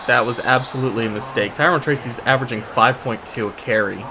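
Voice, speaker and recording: A man's voice: mid-range voice, fast, noisy background. A man giving casual, sarcastic commentary over his own football video game, exasperated and talking through the plays as they happen. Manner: exasperated, sarcastic play-by-play with frequent restarts. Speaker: gaming YouTuber.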